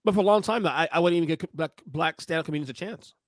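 A man's voice: fairly high pitch, racing, no room sound, clean studio sound. A man joining a casual podcast as a guest, teasing and laughing often.

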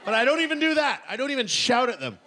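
A middle-aged man doing stand-up comedy on stage, rambling and self-mocking, now and then bursting into shouted voices. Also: very high voice, big pitch swings, fast. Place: comedy stage before a laughing audience.

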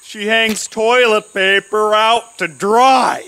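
A narrator reading joke after joke in an over-the-top animated comedy delivery. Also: medium pitch, slow, clean tone.

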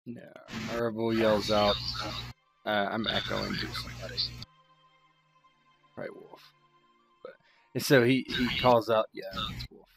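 A man playing a tabletop game talks in a halting, unhurried way. His pace is slow. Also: fairly low pitch, vocal fry. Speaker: player.

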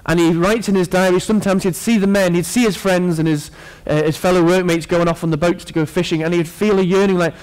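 Fairly high-voiced earnest male preacher. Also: fairly even intonation, fast, few pauses, a little mellow, clear, resonant tone. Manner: earnest, with playful asides to the congregation. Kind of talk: sermon.

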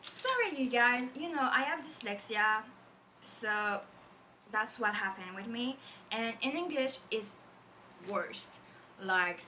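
A young woman with a French accent chatters excitedly through an unboxing, her voice high and bright. She stands a little back from the microphone, with a faint hiss in the recording. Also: slow, distant mic, rough recording. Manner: gushing, excitable, lots of fillers. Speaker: vlogger. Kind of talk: casual unboxing vlog.

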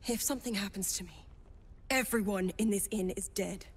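A woman's voice: medium pitch, moderate pace, breathy edge, natural voice. A woman voicing a weary young cleric in a video game, speaking in a worried, earnest manner.

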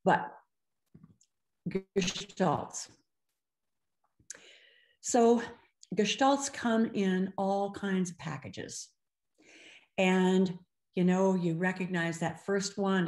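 Speaking slowly in a lowish, darkish voice, an older woman lectures over a webinar as a speech-language clinician. Her delivery is expressive, and she takes on different voices whenever she quotes kids or parents, all captured with a roomy echo.

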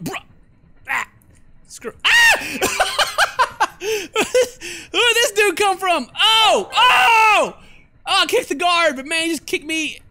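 Young guy yelling and goofing around over a game, super bouncy up-and-down voice. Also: very high-pitched, slight background noise. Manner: loud, goofy, shouting and laughing at the game. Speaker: gameplay commentator. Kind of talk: excited gameplay commentary.

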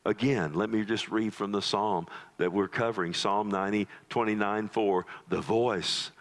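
A pastor preaching a sermon, dramatic, dropping into low hushed tones for emphasis and calling the listeners "loved one". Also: male voice, steady tone, moderate pace.

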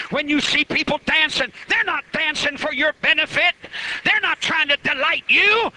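A man's voice: very high-pitched, sharp tone, slight background noise, poor audio. A man preaching a live revival sermon at a church meeting, fiery and emphatic, stretching key words out.

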